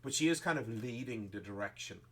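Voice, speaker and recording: A man narrating a tabletop game as game master, rambling with many pauses and restarts. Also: medium pitch, expressive.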